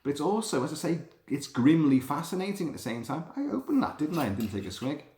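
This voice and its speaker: A man hosting a podcast, talking in a rambling, sweary, animated monologue. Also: fairly high pitch, quick pace. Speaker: podcast host. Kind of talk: casual monologue. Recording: roomy echo.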